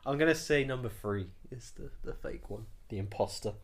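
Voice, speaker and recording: A man's voice: mid-range voice, normal speed. A man co-hosting a podcast, laid-back in casual chat with brief replies. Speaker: podcast co-host.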